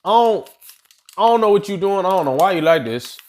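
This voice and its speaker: Young guy YouTuber, slangy casual storyteller, very lively pitch, fairly high voice. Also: a little fast. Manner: slangy, animated, addresses viewers as y'all. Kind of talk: casual anime what-if storytelling.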